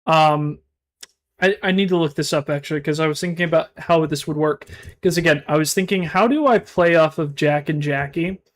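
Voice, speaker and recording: Rambling, halting male streamer. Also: on the high side. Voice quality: mumbled, self-described monotone. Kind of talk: casual live-stream chat.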